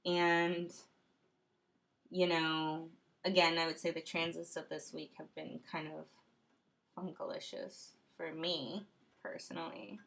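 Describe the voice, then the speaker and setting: Female vlogger, home webcam, casual monologue, gravelly fry, self-questioning ramble. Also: low voice, flat delivery, takes it slowly, long pauses, fairly bright tone. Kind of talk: casual late-night monologue to camera. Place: room at home. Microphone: computer webcam.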